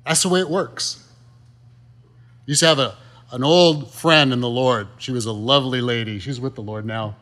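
A man's voice: mid-range voice, normal speed, a bit bright. A man preaching a sermon in a conversational, folksy way, full of rhetorical questions and asides. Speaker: pastor.

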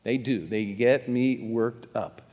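A man's voice: mid-range voice, slow pace, darkish tone. A man preaching a sermon, reading scripture aloud and urging the congregation to read along. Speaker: pastor. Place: church sanctuary. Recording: long hall reverb.

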